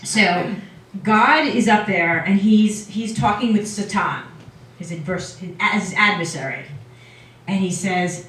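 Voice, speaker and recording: A woman rabbi giving a casual, lively lecture, retelling a story to an audience. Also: medium pitch, slow. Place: lecture room. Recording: echoey hall from far off.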